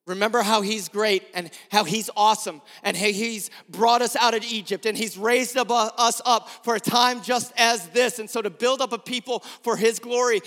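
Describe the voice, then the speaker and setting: Midwestern pastor, man, high bright ringing voice, fiery sermon delivery, reverberant church hall. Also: steady tone, normal speed, hardly any pauses. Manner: impassioned preaching, urging the congregation to repeat lines. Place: small storefront church.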